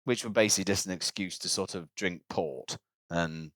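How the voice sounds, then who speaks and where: A low-pitched man co-hosting a podcast relates a lengthy story at a moderate pace, animated and shifting into the voices of the people he describes. It's a casual chat captured on a dry recording.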